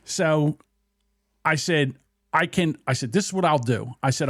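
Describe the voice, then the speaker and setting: Podcast guy telling a story, kinda high voice, swings up and down a lot, cussing and laughing. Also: moderate pace, no echo, clean studio sound. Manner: animated storyteller, swears freely, laughs through his own story. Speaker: podcast co-host. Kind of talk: casual chat.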